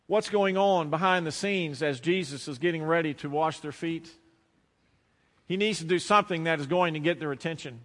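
A bright-voiced Southern American pastor preaches in a church sanctuary, his slightly high voice ringing with a long reverb. He tells stories and slows down or drops to a hush to stress a point. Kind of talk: sermon. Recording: long reverb of a large hall.

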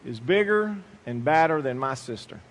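A man's voice: mid-range voice, expressive, normal speed, big-room sound. A man preaching a sermon, telling a childhood story with emphatic repetition and acted-out quotes.

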